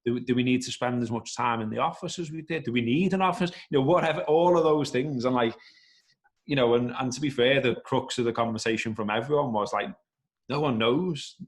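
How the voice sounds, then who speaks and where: Man, podcast guest, rambling, thinks aloud, mid-pitched voice. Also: fairly quick. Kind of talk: casual conversational podcast chat.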